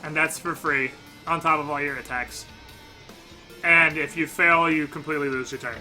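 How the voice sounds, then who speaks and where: Bright-toned male game master. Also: a little high, steady tone, moderate pace, faint music behind. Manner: descriptive, loose narration with many fillers. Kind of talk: narrating a tabletop game.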